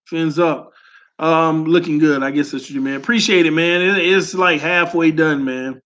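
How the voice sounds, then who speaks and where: A young man, hosting a casual sports fan talk and reading comments in an animated, emphatic, slangy way. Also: fairly high pitch, moderate pace. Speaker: sports fan channel host.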